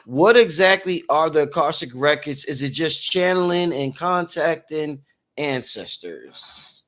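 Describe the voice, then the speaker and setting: A man hosting a live-streamed interview, energetic and chatty, calling out to viewers as y'all. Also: fairly high pitch, unhurried. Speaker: host.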